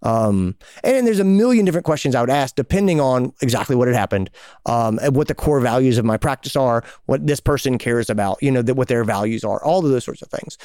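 A man's voice: medium pitch, expressive, fast, warm tone, dry recording. Chatty male podcast co-host, dry sound. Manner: conversational, spins little hypothetical stories. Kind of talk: casual advice chat.

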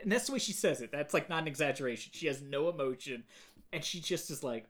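A man's voice: on the high side, fast. Chatty man recapping a movie. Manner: animated retelling with quoted movie lines, lots of "like". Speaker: podcast host. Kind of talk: casual chat.

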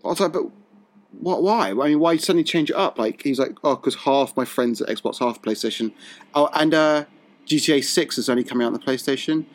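A man's voice: fairly high pitch, a little fast. A man co-hosting a podcast, chatting casually and teasing his co-host with frequent laughs. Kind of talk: casual chat.

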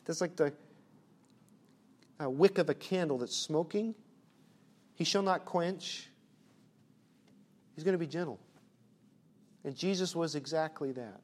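A man preaching a sermon, asking rhetorical questions and swinging between hushed, soft passages and loud, emphatic ones. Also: fairly high pitch, a little slow, pauses often.

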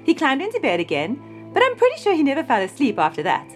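Expressive woman telling children's stories. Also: high-pitched, fast, faint music behind. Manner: warm, expressive, gentle. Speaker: storyteller. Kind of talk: children's Bible storytelling.

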